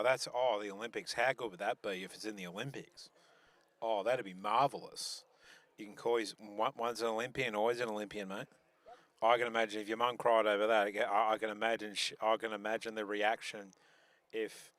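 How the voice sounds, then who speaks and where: A man's voice: fairly low pitch, steady tone, normal speed, fairly bright tone. A man commentating a bowls live stream, chatty and joking, with many restarts.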